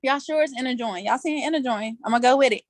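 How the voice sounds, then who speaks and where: A woman with a high voice talks fast, with no echo, as she hosts a casual live online quiz over a video call from outdoors. She's chatty and playful, laughs a lot, and uses loose colloquial slang.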